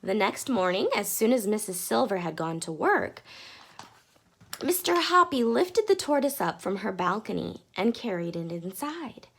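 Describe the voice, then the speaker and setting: Expressive woman reading a children's story. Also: medium pitch, moderate pace, breathy edge. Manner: lively, expressive. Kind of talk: reading a children's book aloud.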